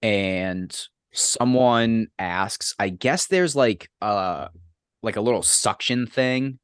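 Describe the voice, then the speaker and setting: A man's voice: fairly low pitch, slow pace, smooth, no room sound, studio quality. A man in casual podcast chat who rants in a profane, exasperated way.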